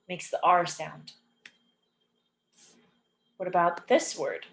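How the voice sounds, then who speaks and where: A woman teaching an English phonics lesson, saying each example word slowly and repeating it clearly and patiently. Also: on the low side, animated. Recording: echoey room.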